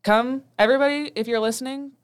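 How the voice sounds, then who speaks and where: A woman's voice: high voice, fairly even intonation, fast talker, clean tone. A young woman co-hosting a student radio podcast, chatting casually and laughing often. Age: young adult.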